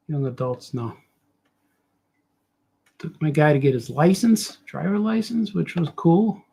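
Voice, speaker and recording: A man's voice: a little high, gravelly, slight background noise. A middle-aged man, a cartoonist, chatting loosely as he draws, with joking, self-mocking asides. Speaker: cartoonist streamer. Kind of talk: rambling casual chat while drawing.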